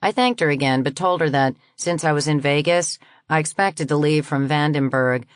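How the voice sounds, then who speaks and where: A woman narrating a science fiction audiobook in the first person, reading in a measured, even way. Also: low voice, smooth, no room sound, clean studio sound.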